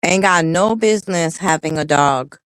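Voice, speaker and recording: A woman's voice: on the low side, moderate pace, smooth, no room sound, poor audio. A woman co-hosting a livestream in casual chat, talking bluntly and heatedly with a lot of cursing. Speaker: livestream co-host.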